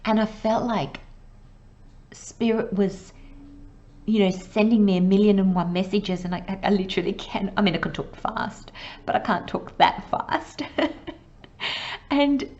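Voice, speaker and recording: A woman giving a casual tarot reading, excitable and rambling, with frequent laughs and soft asides. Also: mid-range voice, unhurried, long pauses, highs cut off. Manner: excitable, rambling, laughs often, sometimes drops to a whisper. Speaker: tarot reader.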